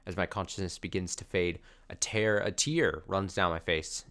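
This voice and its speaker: Let's-play host: low-voiced man, reads the game text, sarcastic asides. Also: fairly even intonation, normal speed, bright, forceful tone. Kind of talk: reading game dialogue aloud with commentary.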